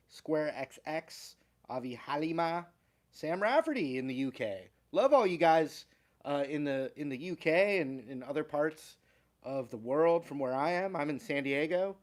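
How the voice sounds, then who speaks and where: A man's voice: fairly high pitch, animated. A man hosting a casual livestream, reading out viewer names and chatting at an easygoing pace with small laughs. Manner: slow, easygoing, chuckles between names. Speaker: guitar teacher and livestream host.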